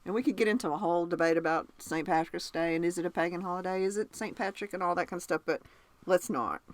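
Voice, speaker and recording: A woman's voice: fairly low pitch, quick pace. A woman with a Southern accent hosting a podcast in casual chat, who laughs often and keeps asking her cohost questions. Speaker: podcast host.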